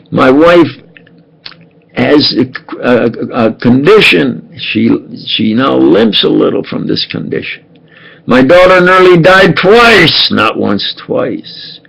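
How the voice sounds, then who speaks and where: A man in his eighties in a rambling, aggrieved monologue, halting and repeating himself. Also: on the high side, gravelly, a bit bright, slightly rough, poor audio. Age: 80s. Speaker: self-published speaker.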